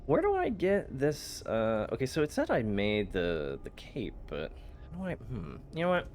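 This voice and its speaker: A man's voice: medium pitch, wildly swooping pitch, normal speed, darkish tone, a little hiss or hum. A man streaming a game, chatting casually with his chat, playful and teasing, often laughing and stammering. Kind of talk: casual live-stream chat while gaming.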